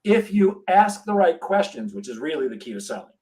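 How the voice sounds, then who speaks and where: A middle-aged man tells a story with energy and acts out each voice. His pitch sits a little high for a man. He is a sales trainer talking as a guest on a podcast. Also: brisk, rough recording. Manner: animated storyteller, acts out dialogue.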